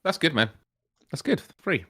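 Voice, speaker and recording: A man's voice: a little high, sing-song, normal speed, bright, forceful tone, slightly rough, no echo, clean studio sound. A man co-hosting a casual gaming podcast, bantering dryly and playfully. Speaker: co-host.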